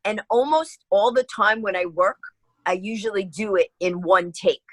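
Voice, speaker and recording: A woman guest on a talk program, telling stories in an animated way and acting out the voices of the people in them. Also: medium pitch, moderate pace, dry recording, rough recording. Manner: lively, acts out voices in her anecdotes. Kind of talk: animated storytelling in an interview.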